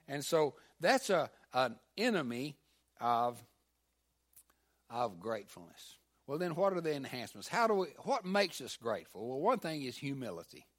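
Older male pastor, animated sermon. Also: fairly high pitch. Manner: animated preaching, swinging between loud and hushed.

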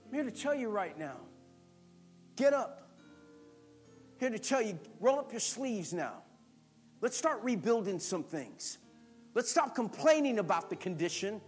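A male pastor preaching a sermon, emphatic and repetitive, building to forceful calls. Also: high-pitched, big pitch swings, unhurried, long pauses, soft background music.

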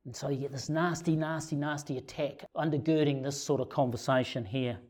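A man with a fairly high voice preaching a sermon in an easy, conversational manner. He keeps putting rhetorical questions to his listeners and chuckles now and then between points. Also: steady tone, fairly quick, a little mellow. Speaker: pastor.

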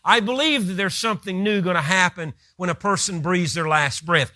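A man's voice: high voice, expressive, moderate pace, few pauses, sharp tone, no echo, clean studio sound. A man preaching a sermon who retells scripture with vivid, rising emphasis.

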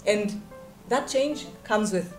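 Woman in a podcast chat, explains things calmly, mid voice, faint music underneath. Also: mid-range voice, slow pace, echoey room. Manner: calm and explanatory, mixes in Swahili. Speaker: guest practitioner. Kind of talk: casual chat.

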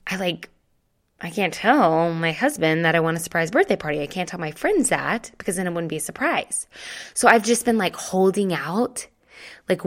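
Chatty woman in her thirties. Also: fairly low pitch. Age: 30s. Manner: chatty and animated, full of "like" and quoted dialogue. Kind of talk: casual storytelling to camera.

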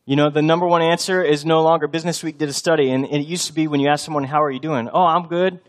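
A man preaches in a relaxed, chatty way, as if talking with the congregation. His voice sits a little high, and he drops to a quiet hush or rises loud when he voices what people say. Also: rapid-fire. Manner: conversational preaching, acts out quotes with shifts of loudness; many fillers and restarts. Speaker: pastor. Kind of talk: sermon.

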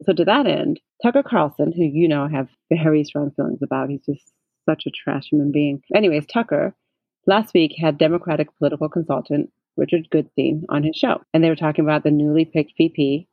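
A man co-hosting a podcast, chatting casually in an animated, slangy, laughing way. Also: a little high, brisk, vocal fry, dry recording. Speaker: podcast co-host. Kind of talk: casual chat. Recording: dry, phone-like sound.

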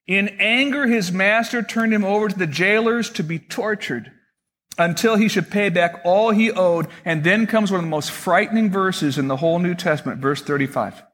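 A man's voice: high voice, expressive, a little slow, a bit bright, breathy edge, long reverb tail. A pastor in his sixties preaching a sermon in a conversational way, asking his listeners questions.

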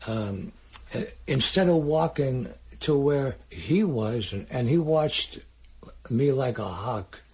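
An older man, a singer-songwriter guest, telling rambling, halting stories in a casual interview. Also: medium pitch, expressive, a little mellow. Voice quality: raspy, gravelly.

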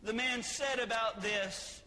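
A man preaching a sermon, building to shouted emphasis with repeated rhetorical questions, over faint room ambience. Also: extremely high pitch, takes it slowly, in a large hall, poor audio. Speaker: pastor.

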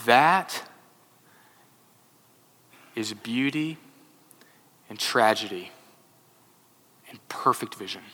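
A man preaching a sermon, telling a lively story and then dropping to a hushed, solemn tone for scripture. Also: mid-range voice, drawn-out words, pauses often. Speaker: pastor. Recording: long hall reverb.

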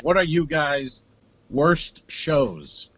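A man's voice: fairly high pitch, animated, extremely slow, lo-fi sound, a crowd in the background. A man co-hosting a comedy podcast, telling a loose, profane story in casual chat.

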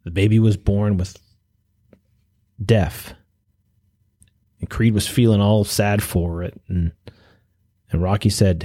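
A man hosting a podcast, giving an earnest motivational talk that urges listeners on, with restarts and pauses. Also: lowish voice, animated, dark tone, husky, no echo, clean studio sound. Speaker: podcast host. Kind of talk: motivational monologue.

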